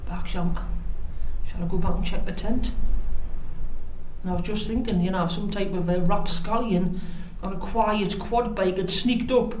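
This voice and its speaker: A middle-aged woman with a Geordie accent rambles to the camera in a chatty, self-mocking way. Her voice has a middle pitch, and it echoes off the concrete walls of a roomy bunker, with faint wind ambience behind her. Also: fairly even intonation, moderate pace, darkish tone. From North East England. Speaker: outdoor vlogger. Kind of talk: casual chat to camera. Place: outdoors and in a concrete bunker on a windy hill.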